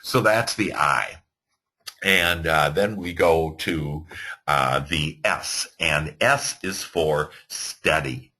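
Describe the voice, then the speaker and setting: A man teaching a motivational seminar to a class, rambling and animated, laughing often. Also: rumbling low, takes it slowly. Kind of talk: motivational lecture.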